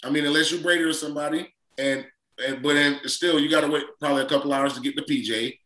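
A man, a former football player co-hosting a casual sports podcast, telling lively stories and acting out quotes. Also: quick pace, reverberant, rough recording. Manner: animated storyteller, acts out quotes in a higher voice, laughs often.

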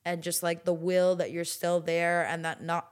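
A woman's voice: lowish voice, completely flat delivery, moderate pace, clean tone. A young woman in her twenties talking casually as a guest in an interview, with many fillers and restarts. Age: 20s.

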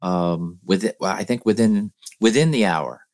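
A man from Philadelphia chatting as a podcast co-host, relaxed and a little halting, with frequent fillers. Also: lowish voice. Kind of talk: casual chat.

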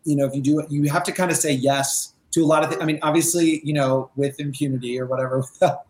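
A man's voice: fairly high pitch, fairly even intonation, fast. A man from the Midwestern US co-hosting a podcast, chatting casually and rephrasing his thoughts as he goes. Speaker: podcast co-host. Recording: roomy echo.

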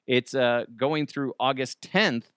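A man's voice: mid-range voice, slow, fairly bright tone, clean tone, no room sound, clean studio sound. A man from Colorado hosting a casual podcast, rambling and joking at his own expense. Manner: rambling, self-deprecating, jokey asides. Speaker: podcast host. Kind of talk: casual solo chat.

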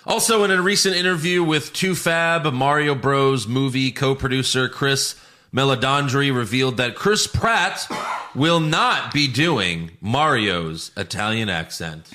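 A man's voice: mid-range voice, expressive, a little slow, bright, forceful tone. A man co-hosting a podcast, chatting casually and joking as he runs through news items. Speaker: podcast co-host. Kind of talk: casual chat.

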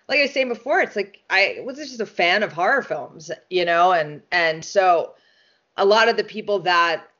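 Interview guest: woman, lively and profane, laughs a lot, muffled lo-fi audio. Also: fairly low pitch. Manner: animated, swears freely, laughs often. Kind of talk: casual interview chat. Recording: dull lo-fi sound.

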